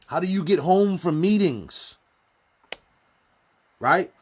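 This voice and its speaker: A man's voice: high voice, lively intonation, slow pace, husky. A man giving casual live-stream commentary, firing off rhetorical questions in street slang. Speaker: community commentator.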